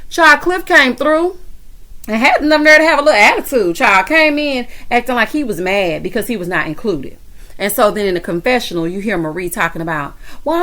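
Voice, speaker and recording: A woman with a Southern American accent giving sassy, animated commentary on a reality TV episode, talking straight to the viewer. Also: medium pitch. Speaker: reality TV recap vlogger. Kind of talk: casual commentary.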